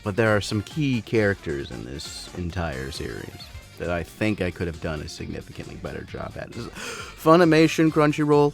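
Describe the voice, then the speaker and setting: A young man giving casual, joking and self-mocking anime review commentary. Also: low-pitched.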